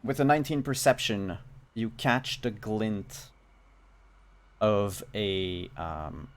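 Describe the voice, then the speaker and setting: A low-pitched man serves as game master for a tabletop game, describing scenes and calling for rolls. He talks slowly and deliberately, pausing often with ums as he works things out aloud. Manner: measured, thinking aloud with frequent ums.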